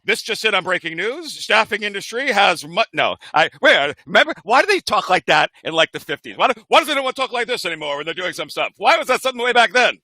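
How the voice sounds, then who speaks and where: A man co-hosting a podcast in casual chat, animated and firing off rhetorical questions. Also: sits high, fast, hardly any pauses, no echo. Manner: animated, jumps between topics with rhetorical questions. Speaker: podcast co-host.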